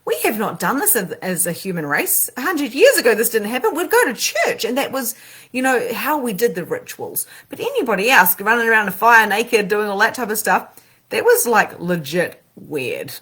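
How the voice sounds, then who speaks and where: A woman, a spiritual coach and medium, talking casually and animatedly with slang, her voice swinging between loud and soft. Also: on the high side, sing-song, moderate pace, husky. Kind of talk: casual motivational talk.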